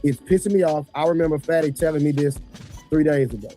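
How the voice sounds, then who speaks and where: Mellow-voiced man reading viewer comments. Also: a little high, quick pace, faint music behind.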